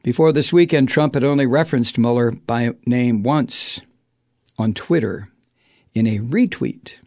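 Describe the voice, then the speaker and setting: A man's voice: mid-range voice, unhurried, darkish tone, dry recording. A man hosting a profane political monologue, reading news aloud and mocking it sarcastically with sudden jeering outbursts. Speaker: political commentary host.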